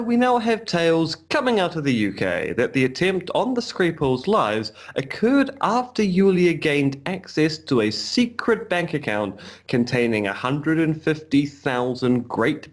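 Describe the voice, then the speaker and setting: A man co-hosting a podcast over a video call, chatting casually with dry, self-deprecating jokes. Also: fairly high pitch. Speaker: podcast co-host. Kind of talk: casual chat. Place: home in Romania.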